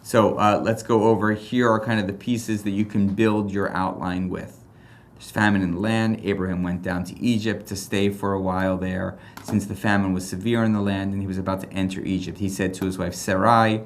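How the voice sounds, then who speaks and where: A man with a fairly low voice teaches a recorded class. He reads passages aloud, then breaks into animated rhetorical questions, stopping and restarting as he thinks aloud. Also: a little fast, slight background noise.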